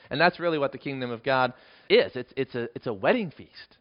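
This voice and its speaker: A man preaching an expository sermon, working through a passage verse by verse and acting out the quoted lines with lively emphasis. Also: fairly quick. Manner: animated, acts out quoted lines with rising pitch. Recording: dull lo-fi recording.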